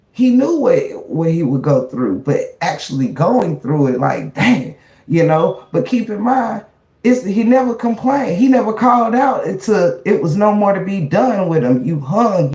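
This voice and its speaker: Animated slow-talking woman livestreamer, roomy sound. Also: fairly low pitch. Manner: slangy, preachy, often exclaims "child" and "Lord". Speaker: livestream host. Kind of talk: casual livestream chat.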